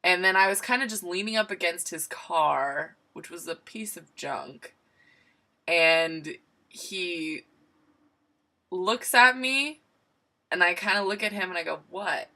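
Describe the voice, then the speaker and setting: A woman's voice: on the low side, takes it slowly, sharp tone. A young woman telling an embarrassing personal story in a candid, self-mocking way, acting out her own lines. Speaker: vlogger. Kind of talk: casual storytelling.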